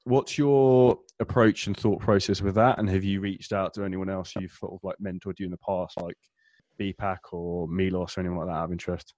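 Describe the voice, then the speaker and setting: A man's voice: deep voice, steady tone, brisk, a little mellow, no echo. A man hosting a casual interview and asking open, conversational questions. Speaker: podcast host.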